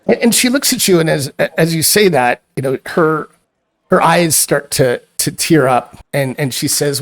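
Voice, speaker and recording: A man running a tabletop role-playing game as game master, narrating in a loose, halting way with frequent restarts. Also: fairly high pitch, creaky.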